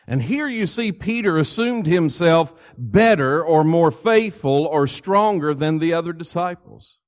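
A male preacher gives a sermon in a conversational, storytelling voice. He walks through the scripture story plainly and directly. His speaking voice sits a little higher than most men's. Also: expressive, a little slow, hardly any pauses.

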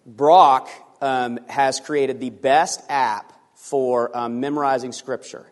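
A man preaching a sermon as pastor, animated and sometimes acting out voices for emphasis. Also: medium pitch, takes it slowly, big-room sound.

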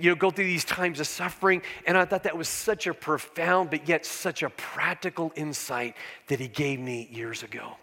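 A man's voice: a little high, sharp tone, long reverb tail. A man preaching a sermon as pastor, earnest and conversational, often restarting his sentences.

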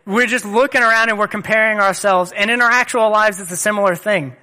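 A man in his thirties preaches a sermon in a high voice. His tone is bright and forceful. He speaks earnestly and conversationally, weaving in personal stories. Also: steady tone, brisk. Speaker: pastor.

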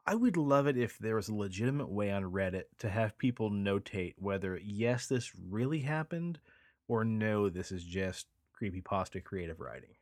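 A man with a lowish voice hosts a podcast in easygoing chat. He swears casually and punches up his sign-offs. The sound is dry and close. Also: animated, moderate pace, no room sound. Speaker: podcast co-host.

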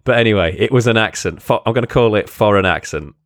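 A low-pitched man hosting a podcast in easygoing banter. He laughs a lot, swears freely and pokes fun at himself. His voice sits well below most men's. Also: quick pace. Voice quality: laughs often, swears casually, self-mocking. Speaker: podcast host. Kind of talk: casual podcast chat.

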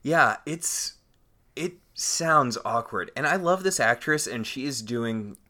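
A man's voice: medium pitch, expressive, slow, bright, forceful tone. A man from the United States co-hosting a podcast, picking apart a TV episode in a thoughtful, analytical way. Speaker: podcast co-host. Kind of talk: casual chat recapping a TV episode.

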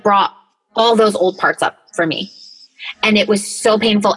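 A woman in casual conversation with a bright, forceful tone. She speaks candidly and emotionally, leaning heavily on filler words and swearing freely. She is recording from her closet. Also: medium pitch, low-quality recording. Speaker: podcast co-host.

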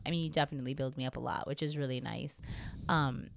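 A young woman co-hosts a podcast, rambling through casual chat while swearing freely and laughing often. Her voice is a rumbling low with a steady tone, fast and creaky. There's no echo on the recording.

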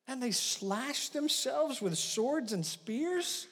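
A male pastor preaching a sermon, retelling a story with animated swings from loud bursts to hushed asides. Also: very high-pitched, slow pace, hardly any pauses, breathy edge, long reverb tail.

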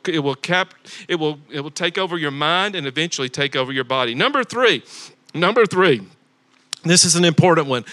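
Bright-voiced, high-pitched male pastor preaching. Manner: emphatic, repetitive preaching with rhetorical questions. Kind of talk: sermon. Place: church sanctuary.

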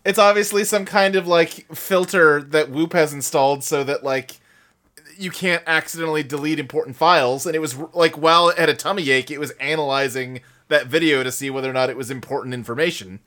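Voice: medium pitch, fairly quick, fairly bright tone. A podcast co-host chatting casually and offering playful theories about a cartoon. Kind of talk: casual chat.

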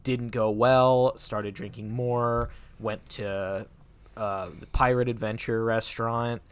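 A man's voice: mid-range voice, little pitch movement, slow, clean tone. A man co-hosting a casual podcast, thinking aloud and joking as he builds his case. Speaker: co-host.

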